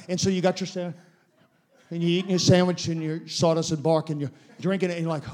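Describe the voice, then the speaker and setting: A man, a guest pastor, preaching a sermon in an animated, repetitive way, going through steps one by one. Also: fairly high pitch, fast. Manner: animated, repetitive step-by-step demonstration.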